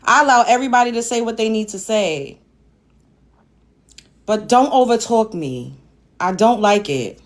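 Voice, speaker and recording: A woman's voice: fairly high pitch, expressive, normal speed, long pauses. A woman from Brooklyn with a New York accent, hosting a live panel chat in a blunt, profane, exasperated way. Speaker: host.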